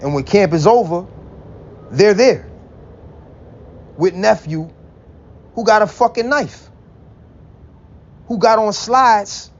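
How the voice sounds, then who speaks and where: A man's voice: sits high, animated, takes it slowly, long pauses. A man in a blunt, profane, preachy rant, quoting scripture and laughing between points. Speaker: religious vlogger. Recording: dull lo-fi recording with faint vehicle noise.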